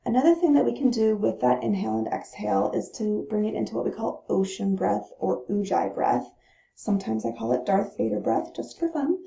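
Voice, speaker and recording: A woman teaching breathing techniques in a calm, instructional way, pausing to demonstrate the breaths. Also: fairly high pitch, gravelly. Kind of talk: gentle instructional talk. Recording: roomy, dull lo-fi sound.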